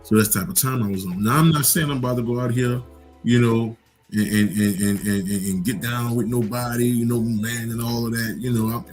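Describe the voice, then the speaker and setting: A man's voice: mid-range voice, steady tone, a little fast, a little mellow, faint music behind. A man giving a casual, rambling spiritual monologue, profane and full of restarts. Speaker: host.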